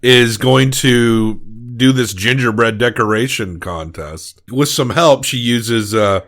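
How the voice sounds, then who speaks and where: Podcast co-host, middle pitch, dry jokes about a movie. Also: slow, a bit bright. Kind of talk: casual movie review chat.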